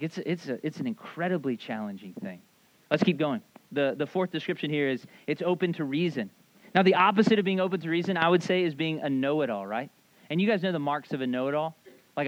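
A man's voice: a little high, fast, no room sound, dull audio. A man preaching a casual sermon in a conversational way, often asking "right?" and acting out short quotes. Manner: conversational, animated, frequent "like" and "right?", acts out quotes. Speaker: pastor.

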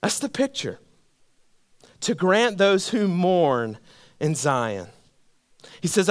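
A middle-aged male pastor with a high-pitched voice delivers a sermon in a conversational, storytelling manner. He peppers the congregation with rhetorical questions and swings from loud, emphatic peaks to soft, low passages. The sound is dry and close. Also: very animated, takes it slowly, long pauses, dry recording. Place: church hall with a congregation.

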